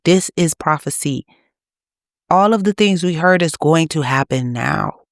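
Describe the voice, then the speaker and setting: A woman's voice: low-pitched, no echo, clean studio sound. A woman preaching to her channel's viewers in an urgent, exhorting manner. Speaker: channel host. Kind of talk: preaching to camera.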